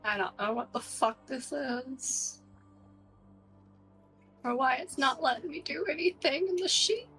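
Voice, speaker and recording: A woman's voice: high-pitched, unhurried, pauses often, sharp tone, faint music behind, rough recording. A woman playing a tabletop game with friends over a voice call, joking sarcastically and laughing often. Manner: sarcastic, giggly. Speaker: player.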